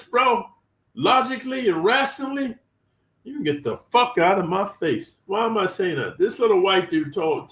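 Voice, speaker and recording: A man hosting his own channel, ranting emphatically with profane street talk as he tells prison stories. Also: a little high. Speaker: channel host sharing prison experience. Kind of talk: storytelling rant. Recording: roomy and distant from the mic.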